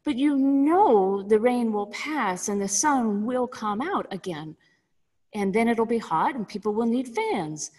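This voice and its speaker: A woman voicing a calm, kind old male sage in a told story, speaking gently and unhurriedly. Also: on the high side, a little slow, big-room sound. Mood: gentle.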